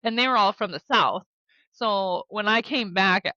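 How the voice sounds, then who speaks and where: Midwestern woman, 30s, podcast guest; bright, chatty, filler-heavy storyteller; dry, slightly dull mic. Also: mid-range voice, moderate pace, no echo. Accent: American Midwest. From South Dakota, USA. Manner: chatty, lots of "like" and "you know", laughs easily. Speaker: podcast guest, former basketball player and therapist. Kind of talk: casual interview storytelling.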